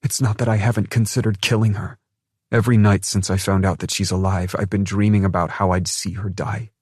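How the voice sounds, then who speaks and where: A man's voice: low voice, little pitch movement, fairly quick, a little mellow, slightly rough, no room sound, studio quality, voice pushed up. A man voicing a tense, haunted young woman in an audiobook, speaking in a strained, urgent way. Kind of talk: audiobook narration.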